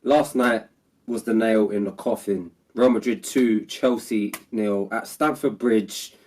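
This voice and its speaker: A man's voice: lowish voice, steady tone, measured pace, a little mellow. A man who is ill and sounds nasal, delivering a frustrated post-match fan vlog rant as the channel's regular voice. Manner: frustrated, repetitive. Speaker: football fan vlogger.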